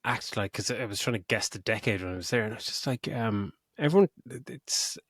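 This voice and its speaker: A man's voice: fairly low pitch, lively intonation, fairly quick, a bit bright, no echo, studio quality. A middle-aged man co-hosting a podcast, complaining about a film in an exasperated, sweary, laughing way. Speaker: podcast co-host. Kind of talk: casual film review chat.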